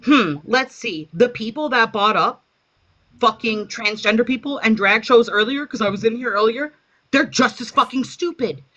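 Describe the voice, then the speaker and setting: A woman's voice: fairly high pitch, normal speed, sharp tone, low-quality recording. A woman on a live panel, arguing angrily and swearing as she lectures. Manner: angry, profane, lecturing. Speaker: panel participant. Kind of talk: heated argument.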